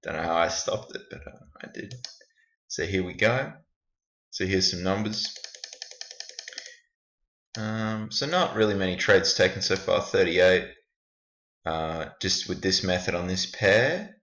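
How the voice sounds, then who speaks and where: Deep-voiced man, rambling self-critical screen walkthrough, muffled lo-fi sound. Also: measured pace, long pauses, a bit bright, slight background noise. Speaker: trader reviewing his backtest results. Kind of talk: casual screen-recording walkthrough. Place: indoors at a computer. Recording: echoey room, dull lo-fi sound.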